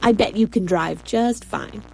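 A woman's voice: mid-range voice, measured pace, vocal fry, slight background noise, low-quality recording. An actress voicing a blunt, flirtatious woman in an audiobook, with dry, frank humor. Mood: friendly. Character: wry adult woman amputee, blunt and flirtatious. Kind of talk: audiobook dialogue.

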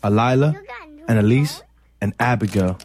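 A young man narrating his own story in a quiet, plain, reflective way. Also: on the low side, normal speed, a crowd in the background. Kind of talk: scripted documentary narration.

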